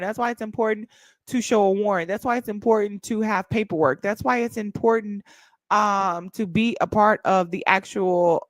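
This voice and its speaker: A woman hosting a casual chat, animated and emphatic, swearing freely. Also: mid-range voice, no room sound, studio quality. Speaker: host.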